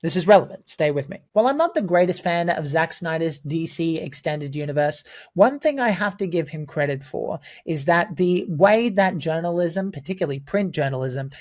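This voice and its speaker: A man's voice: a little high, animated, moderate pace, few pauses, darkish tone. A man giving scripted film commentary as a video essayist, earnest and enthusiastic.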